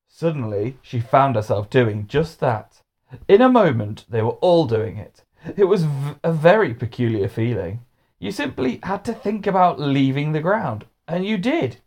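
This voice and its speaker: A man reading a children's storybook aloud with expressive delivery. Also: on the high side, unhurried.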